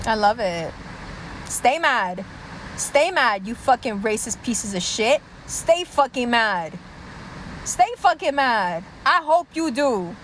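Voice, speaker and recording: A woman's voice: sits high, a bit bright, a little hiss or hum, poor audio. A woman from Pakistan ranting heatedly on her vlog, taunting and mocking listeners and swearing constantly. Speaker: vlogger. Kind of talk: heated profane rant.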